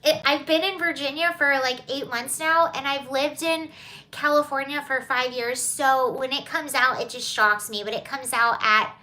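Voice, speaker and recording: On her casual livestream, a young woman from Georgia reads viewer comments and chats in a rambling, laughing manner. Her Southern-accented voice sits high, steady in tone, pushed and bright, at a moderate pace.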